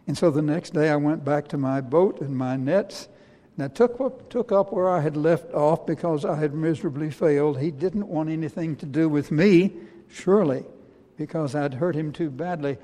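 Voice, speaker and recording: A man preaching as the apostle Peter, a humbled middle-aged fisherman telling his own story in the first person, earnest and halting. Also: a little high, mellow, lightly acted. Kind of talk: dramatic first-person sermon monologue. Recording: long reverb of a large hall.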